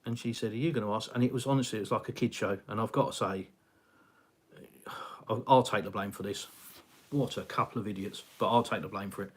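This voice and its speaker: A man's voice: fairly low pitch, fairly even intonation, fairly quick, pauses often, slightly rough. Middle-aged English man, live-stream host; chatty, meandering, lots of fillers. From England. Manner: rambling, conversational, frequent fillers and sighs. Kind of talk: casual live chat reading viewer comments. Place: home, in Russia.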